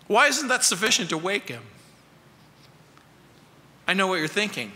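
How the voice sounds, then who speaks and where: A male pastor preaching a sermon in a high, bright and ringing voice. He delivers it slowly, firing off rhetorical questions and dropping from loud to soft. The sound carries a long reverb from the church hall. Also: sing-song.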